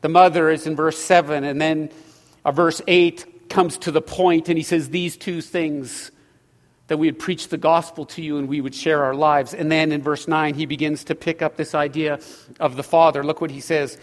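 A middle-aged male pastor preaching a sermon, swinging from loud emphatic lines to hushed ones. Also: on the high side, steady tone, moderate pace. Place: church sanctuary. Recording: long hall reverb.

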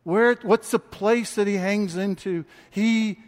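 A man preaching a sermon, reading scripture and speaking with passion that builds to near shouts. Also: high voice, fairly even intonation, slow pace. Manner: impassioned, rising to shouts when quoting. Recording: long hall reverb.

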